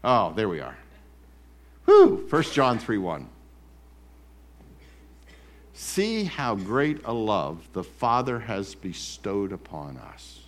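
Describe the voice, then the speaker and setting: A man preaches from a church stage mic, his pitch swinging widely as he builds. He drops to quiet, low lines, then rises loud and high, acting out an accuser's taunts. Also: huge pitch swings, takes it slowly, long pauses, slight background noise. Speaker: pastor. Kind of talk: sermon. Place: church sanctuary.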